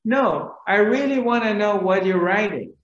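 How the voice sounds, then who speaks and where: A man's voice: normal speed, dull audio, close to an everyday voice. An insistent old mystic, put on by a man storyteller pushes his questions in a raised, lifted voice. The recording has a roomy echo. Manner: insistent, higher and louder than the narrator. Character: persistent curious old man, calm mystic.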